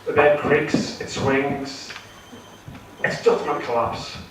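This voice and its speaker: A man's voice: a little high, steady tone, slow, noisy background. A man doing his first stand-up comedy set, nervous and rambling, full of fillers and restarts. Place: theatre stage with a live audience. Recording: echoey hall recorded from far off.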